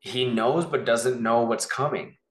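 A man telling a personal story as an interview guest, rambling and animated, acting out the voices he quotes. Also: mid-range voice, unhurried, roomy sound.

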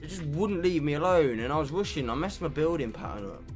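A man's voice: on the high side, animated, fast, faint music behind. A young man streaming a game, ranting and swearing at opponents. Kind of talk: live gameplay commentary.

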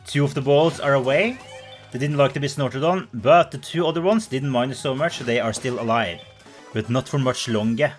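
A man's voice: mid-range voice, normal speed, soft background music. A man commentating a video game in a playful, bubbly way, gasping and making silly sound effects. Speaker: let's play host.

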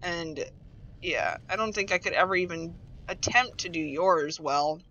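Woman game streamer, bright and animated, rambling and giggly, dull lo-fi stream audio. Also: on the low side, measured pace, slight background noise. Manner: rambling, giggly, swears freely. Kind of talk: casual chat while playing.

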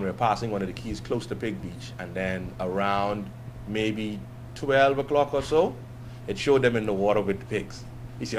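A Bahamian man, a guest entrepreneur, tells a story to a class with an animated delivery and acts out the quotes in other voices. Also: lowish voice, slight background noise. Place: classroom with a live audience.

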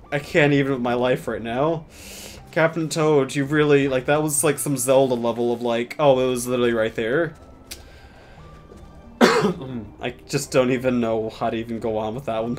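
A man's voice: mid-range voice, fairly even intonation, moderate pace, faint music behind. A young man giving casual gameplay commentary as a streamer, chatty and sarcastic, swearing often and slipping into mock-dramatic asides.

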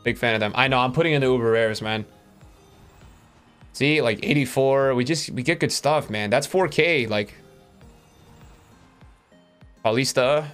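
A male streamer giving live-stream commentary to his chat, excitable and swinging between hype and letdown with plenty of fillers. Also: mid-range voice, moderate pace, clear, resonant tone, soft background music. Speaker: streamer opening game packs.

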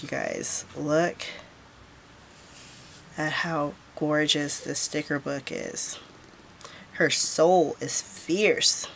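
A woman vlogger talks through a planner haul in a relaxed, unhurried way, gushing over every sticker. Her voice sits a little low, and there is a faint hum behind her. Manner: gushing, repeats "so freaking cute". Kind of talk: casual product haul.

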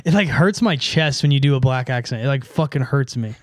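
A man's voice: mid-range voice, expressive, fairly quick, no room sound, clean studio sound. A man co-hosting a comedy podcast, riffing in casual banter and laughing often. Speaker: podcast co-host.

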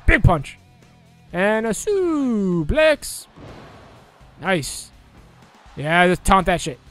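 A young man giving casual, excitable let's play commentary, joking crudely and shouting at the game. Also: high-pitched. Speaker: gameplay commentator.

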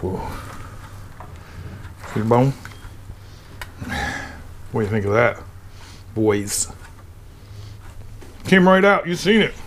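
Excited man tasting his barbecue. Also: medium pitch, slow pace, pauses often, a little hiss or hum. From Pennsylvania. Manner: enthusiastic, tasting and reacting with pleased murmurs. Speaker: cooking video host. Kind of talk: casual cooking vlog.

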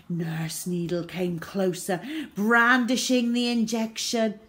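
A woman reading a children's storybook aloud, expressive and dramatic. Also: lowish voice, takes it slowly, a little hiss or hum.

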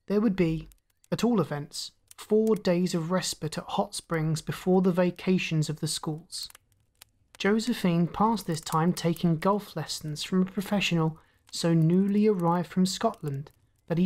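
A woman narrating a sleep story for adults in a calm, measured reading voice. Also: lowish voice. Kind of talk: scripted bedtime story narration.

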